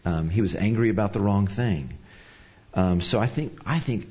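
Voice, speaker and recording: A man's voice: fairly low pitch, moderate pace, mellow, husky, lo-fi sound. A man preaching a sermon on anger, telling a personal story in a conversational, self-deprecating way.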